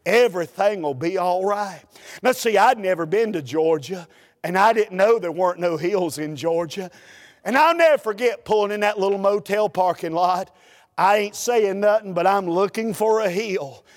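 A man, a preacher telling a humorous story in a folksy, animated way during a sermon. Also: high voice, moderate pace, long reverb tail.

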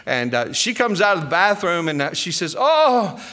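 A man in his sixties with a Mississippi Southern accent, a preacher telling a story in a sermon in a folksy, animated way. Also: on the high side, brisk. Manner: folksy, animated, acts out the voices of others.

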